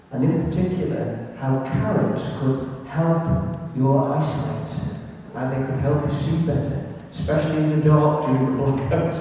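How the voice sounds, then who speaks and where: Recorded from a distance in an echoey hall, a man from England with a fairly high, warm voice delivers a chatty, anecdotal illustrated talk on local history, with asides to his listeners.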